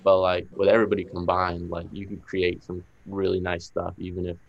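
A young man with a Boston accent, a musician talking casually in an interview, relaxed, with lots of "like" fillers. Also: deep voice, fairly quick, creaky, highs cut off. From Massachusetts. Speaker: musician guest.

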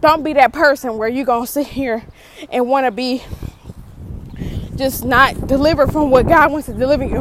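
Out-of-breath woman, high voice, fervent casual preaching, vehicle noise behind. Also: normal speed, pauses often. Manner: fervent, repetitive rebuking prayer, casual slang. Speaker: vlogger preaching to viewers. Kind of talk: informal preaching and prayer.

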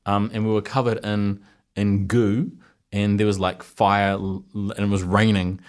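A woman, a guest comedian rambling through an anecdote in casual chat. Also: unhurried. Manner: very low voice, lively pitch, rambling anecdotes.

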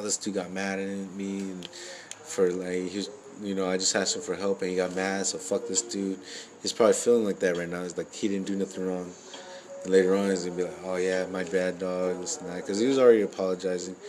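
A man's voice: deep voice, darkish tone, slight background noise, low-quality recording. A man telling personal stories in a rambling, casual way, full of fillers and profane street slang. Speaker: parent sharing life stories.

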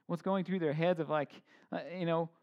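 A man in his thirties gives a relaxed, conversational sermon in a slightly high voice. He talks informally, slipping in jokes and asides, and restarts his sentences often. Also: brisk, lo-fi sound. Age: 30s. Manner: informal, joking asides, many fillers and restarts. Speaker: pastor.

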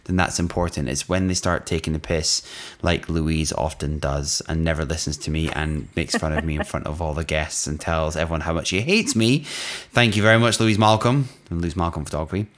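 A man's voice: rumbling low, brisk, few pauses, a bit bright. A Scottish man co-hosting a podcast, chatting casually and jokily with lots of restarts. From Scotland. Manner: joking, rambling, many restarts. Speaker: podcast co-host. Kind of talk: casual chat.

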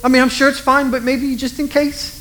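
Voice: high-pitched, level tone, a little fast, a bit bright, slight background noise, pitched above the performer's own voice, poor audio. A preacher acting out a desperate official who pleads with Jesus to come heal his dying son, sounding earnest and pushy. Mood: coaxing.

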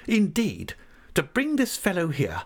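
A man's voice: high-pitched, huge pitch swings, a little slow, breathy edge, pitched above the performer's own voice, exaggerated voice. A man voicing a scornful, furious young woman in an audiobook, speaking with vehement, venomous rage.

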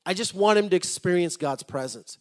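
A man preaching a sermon to his congregation, swinging from loud appeals to soft, hushed storytelling and repeating words as he starts a thought. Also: sits high, lively intonation, a little fast.

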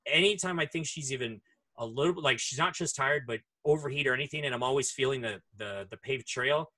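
A man's voice: mid-range voice, quick pace, bright, forceful tone. A man in casual chat, telling profane stories and acting out voices, speaking through headphones. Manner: profane storyteller who acts out voices.

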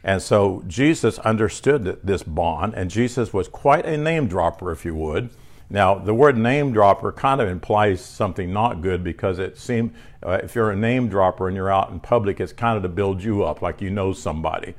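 Man, low voice, sermon, casual teaching tone, reads verses aloud, restarts phrases. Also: moderate pace. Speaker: preacher.

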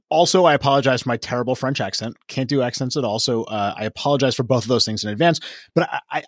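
A man's voice: fairly high pitch, slightly rough, no echo. A man co-hosting a podcast, talking in an earnest, emphatic way as he criticizes, on a close mic. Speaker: podcast co-host. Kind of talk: critical commentary discussion.

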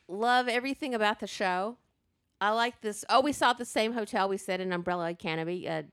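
A woman's voice: on the low side, dry recording. Brief: woman podcast host, casual, laughing storyteller, dry close mic. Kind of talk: casual chat.

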